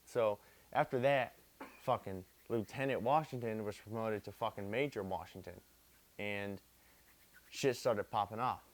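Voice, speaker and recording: A man's voice: fairly low pitch, a little slow. Sweary young man rambling through history. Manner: profane, repetitive, street slang. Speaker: drunk storyteller. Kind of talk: rambling drunken history retelling.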